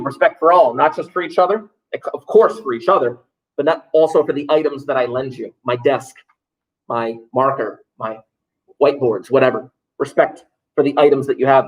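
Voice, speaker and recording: A man's voice: medium pitch, rough recording. A man, a math teacher joking through first-day rules for his class. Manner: joking, offhand, self-mocking asides. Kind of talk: classroom talk to students, livestreamed.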